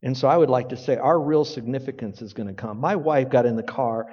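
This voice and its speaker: A man's voice: medium pitch, fairly quick, breathy edge. Folksy male preacher in a reverberant hall. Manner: folksy storytelling, rising to emphatic exclamations. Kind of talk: sermon. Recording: dull lo-fi recording with long hall reverb.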